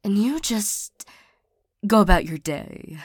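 Woman voicing a young female bodyguard, ex-lover of the listener, audio role-play, stammering, sighing, unhurried, dry close sound. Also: mid-range voice, lively intonation, breathy edge, no echo. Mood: awkward. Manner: halting, stammering, frequent sighs.

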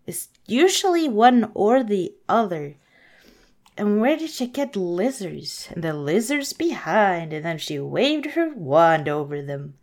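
Slow, sarcastic woman reading a story. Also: medium pitch, a little mellow. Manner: sarcastic, swears, questions the story's logic; hesitant, many fillers and restarts. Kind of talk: casual storybook reading with commentary.

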